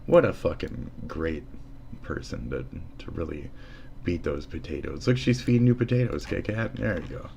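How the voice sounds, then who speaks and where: A man's voice: sits low, moderate pace, gravelly, a little mellow, slight background noise. A man live streaming as he shows off an editing program, rambling and swearing in a sarcastic, mocking way, often trailing off into mutters. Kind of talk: casual profane streaming chat.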